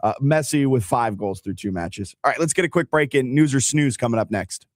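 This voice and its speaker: A man's voice: mid-range voice, noisy background. A man hosting a morning sports radio show, chatting and joking about soccer with a co-host. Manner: upbeat, joking, quick banter.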